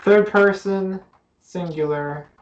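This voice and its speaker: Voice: medium pitch, muffled recording, slight background noise. Hesitant student in an echoey room. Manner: hesitant, halting. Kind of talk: translating in class.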